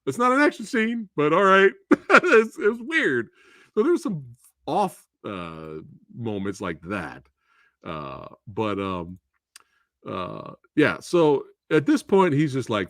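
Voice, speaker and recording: A man hosting a live movie review, talking in a casual, animated way and slipping into exaggerated quoted voices. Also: medium pitch, takes it slowly, no room sound, studio quality. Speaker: host of a movie review show.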